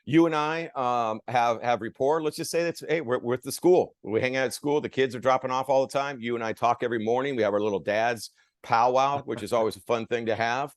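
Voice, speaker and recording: A man's voice: medium pitch, dry recording, studio quality. A man leading a sales training, talking energetically to his group and checking in with them. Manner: energetic, addresses group with "guys" and "okay". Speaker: sales coach. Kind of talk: training talk with role-play.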